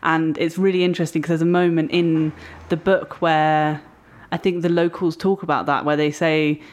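A woman's voice: low-pitched, flat delivery, normal speed, darkish tone. An English woman co-hosting a podcast, chatting thoughtfully and enthusiastically about a book. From England. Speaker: podcast co-host. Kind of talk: casual podcast chat.

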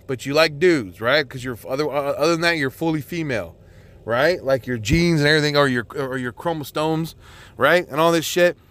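A man's voice: a little high, fairly bright tone, no room sound. A man hosting a casual solo podcast, rambling and swearing a lot, often restarting his sentences. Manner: rambling and profane, with many restarts and filler words. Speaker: podcast host.

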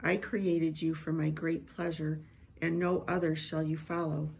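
A middle-aged woman, a Christian prophetic speaker, slowly and reverently reading a prophetic word and sharing a vision. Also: low voice, little pitch movement, gravelly, darkish tone, slightly rough.

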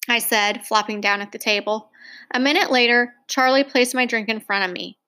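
A woman narrating a first-person novel aloud, expressive and acting out the dialogue. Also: on the high side, normal speed. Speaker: audiobook narrator.

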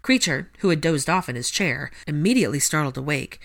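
A woman narrating a fan fiction chapter in a steady, measured storytelling manner. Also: low-pitched, vocal fry. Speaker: audiobook reader.

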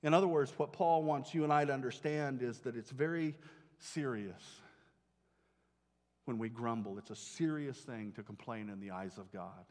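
A male pastor preaching a sermon with animated storytelling, acting out the voices of the people he quotes, in a church sanctuary. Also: medium pitch, normal speed. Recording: long hall reverb.

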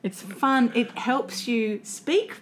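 An Australian woman who works as a voice coach, chatting casually in an interview, animated and quick to laugh. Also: fairly high pitch. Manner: animated, laughs often, restarts sentences.

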